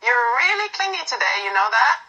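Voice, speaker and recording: A bright-voiced, doting woman who teases her best friend one moment and coos sweetheart the next, read aloud by a woman. Her pitch sits a touch high and her tone is sharp and clear. Protective, playful and a little pushy, straight from a fan role-play script. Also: big pitch swings, normal speed, full character voice, low-quality recording. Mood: affectionate. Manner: affectionate teasing, calls everyone sweetheart.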